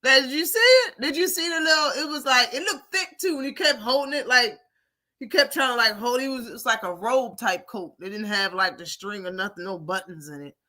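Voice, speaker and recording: Animated woman hosting a boxing stream. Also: a little high, brisk. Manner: blunt, animated, laughs often, reads out chat. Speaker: boxing talk show host. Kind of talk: live-stream casual commentary.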